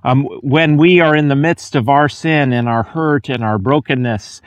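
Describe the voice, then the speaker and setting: A man's voice: medium pitch, normal speed, dry recording. A man preaching a sermon as a pastor, earnest and conversational, lifting his voice on key words.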